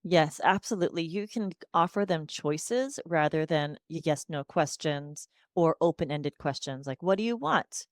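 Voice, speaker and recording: This low female voice moves at normal speed with few pauses and a slightly mellow quality, captured dry at studio quality. The speaker, a speech-language pathologist in her forties, chats casually as a podcast guest and turns sing-song whenever she demonstrates talking to kids.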